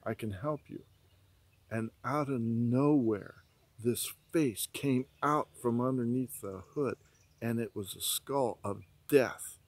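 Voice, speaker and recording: Man, earnest dream storyteller, urgent preaching tone, dry close sound, mid-pitched voice. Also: takes it slowly, a little mellow, dry recording. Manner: vivid storytelling with many repetitions. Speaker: vlogger recounting a prophetic dream. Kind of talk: earnest spoken testimony.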